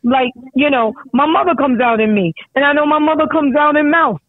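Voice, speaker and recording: A middle-aged mother on a phone call, talking in a rambling, halting way with many restarts. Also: sits high, no echo. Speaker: caller, mother of a guest. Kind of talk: emotional phone chat. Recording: tinny phone line, dry.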